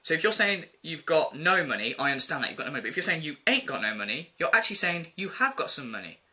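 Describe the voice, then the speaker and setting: Bright, high-pitched man ranting. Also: sing-song, fast talker. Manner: exasperated, rambling, quotes people in put-on voices. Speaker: vlogger. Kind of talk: casual ranting vlog.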